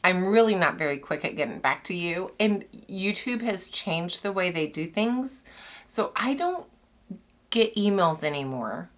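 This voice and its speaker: A woman's voice: lowish voice, lively intonation, a little slow. A young adult woman, a soap maker chatting casually with her channel as she cuts soap, rambling and laughing often, a little out of breath. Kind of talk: casual chat while cutting soap.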